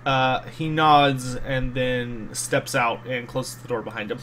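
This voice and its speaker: A man's voice: mid-range voice, takes it slowly, a bit bright, slight background noise. A man narrating as game master of a tabletop game, talking with frequent ums and uhs. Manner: hesitant, many ums and uhs.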